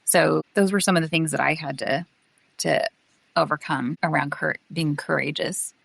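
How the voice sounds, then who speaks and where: Woman, podcast co-host, gravelly voice, lowish pitch, earnest and encouraging. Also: fairly even intonation, normal speed, a bit bright, no room sound. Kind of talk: casual podcast conversation.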